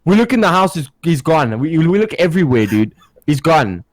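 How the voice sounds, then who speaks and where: A young man spins a story for his podcast, his voice rising and falling with lively swings. He swears casually and slips into voices for the people in his tale. The sound is dry and close, with no room around it. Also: a little high, moderate pace, no echo. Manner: animated, swears freely, acts out voices. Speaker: podcast co-host.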